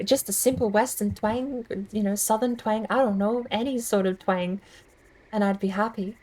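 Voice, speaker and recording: Woman game streamer, casual rambling chat, self-deprecating, a bit high-pitched. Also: a little mellow, poor audio.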